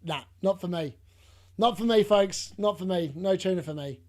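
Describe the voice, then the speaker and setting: An Australian man hosting a live fantasy football watchalong, chatting and laughing with viewers and shouting at every chance. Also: high-pitched, normal speed. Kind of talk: live watchalong commentary and chat replies.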